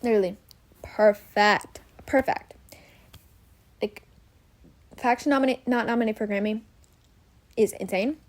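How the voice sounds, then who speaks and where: A woman's voice: on the high side, a little fast, long pauses, darkish tone. A young woman hosting a casual solo podcast, rambling and gushing with many fillers and self-corrections, sometimes dropping to a whisper. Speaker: podcast host.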